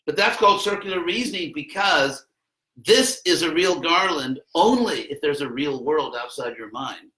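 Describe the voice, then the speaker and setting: A man's voice: on the high side, expressive, normal speed, sharp tone, echoey room, low-quality recording. A man giving an informal philosophy lesson to a class of students, joking in asides and raising his voice when he acts out quotes. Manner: conversational, jokey asides, acts out quotes with a raised voice. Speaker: teacher.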